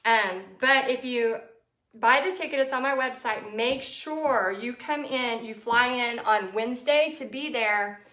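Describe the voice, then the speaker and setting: A woman's voice: fairly high pitch, unhurried, bright, forceful tone. A woman with a Texan accent, chatting casually while she teaches a painting tutorial. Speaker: painting instructor. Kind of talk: live painting tutorial chat. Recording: echoey room.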